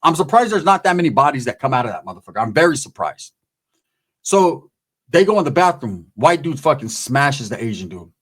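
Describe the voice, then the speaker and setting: A man's voice: mid-range voice, very animated, fairly quick, husky. A man telling a prison story in a casual, streetwise, profane way, often slipping into the voices of the people in it.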